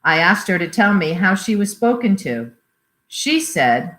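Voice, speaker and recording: A woman reads a memoir aloud in a measured storytelling way. Her voice sits at a middling pitch. The recording has a noticeable roomy echo. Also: big pitch swings, fairly bright tone. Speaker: reader.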